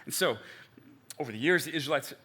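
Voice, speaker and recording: A man's voice: a little high, expressive, fast talker, sharp tone, slightly rough. A man preaching a sermon as pastor, in a conversational storytelling way with joking asides. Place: church.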